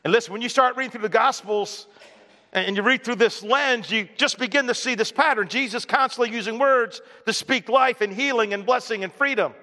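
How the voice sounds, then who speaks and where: A man preaching with a high, bright voice that carries a long reverb, as in a large church hall. He talks in a relaxed conversational way and keeps putting questions to his listeners. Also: a little fast. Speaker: pastor. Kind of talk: sermon.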